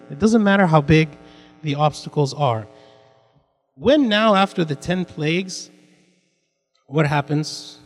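A man's voice: a little high, a little mellow. Man teaching a Bible class in a reverberant hall. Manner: repetitive, asks the class questions.

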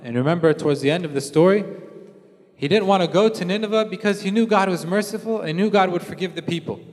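A man's voice: high-pitched, fast talker, a little mellow. A man preaching a conversational sermon, acting out everyday scenes in quoted voices. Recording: long hall reverb.

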